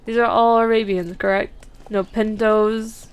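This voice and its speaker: A woman's voice: mid-range voice, steady tone, unhurried, clean tone. A woman streamer chatting casually and laughing at herself while playing a horse-riding game. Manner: chatty, giggly, self-deprecating. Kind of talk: casual gameplay commentary.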